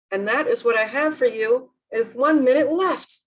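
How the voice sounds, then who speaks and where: A woman's voice: high-pitched, normal speed, low-quality recording. A woman presenting an online workshop over a video call, earnest and emphatic, often asking the group questions.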